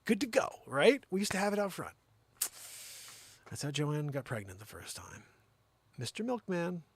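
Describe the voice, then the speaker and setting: A man's voice: on the high side, wildly swooping pitch, moderate pace, a little hiss or hum. A man hosting a comedic monologue, rambling and teasing as he jokes. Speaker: host.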